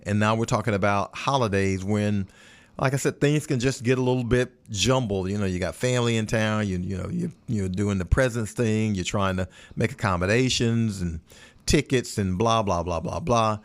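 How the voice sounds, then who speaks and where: Low-voiced man, folksy sports analyst. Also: normal speed. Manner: folksy, animated, playful turns of phrase. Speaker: radio color analyst. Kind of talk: casual sports chat.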